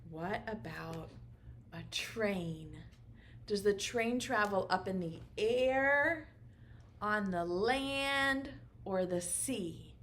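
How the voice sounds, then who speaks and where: A woman teaching a virtual preschool circle time, speaking slowly and encouragingly in an exaggerated sing-song manner. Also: mid-range voice, fairly bright tone. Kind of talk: virtual circle-time lesson for young children.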